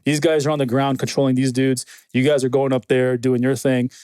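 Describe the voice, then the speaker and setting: A man in a relaxed podcast chat, telling lively stories with plenty of casual swearing. His pitch is middling and his voice sits close and dry, with no room sound. He acts out other people's words as he goes. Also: a little fast, clear, resonant tone, no room sound. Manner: animated storyteller, swears freely, quotes others. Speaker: guest, military film consultant.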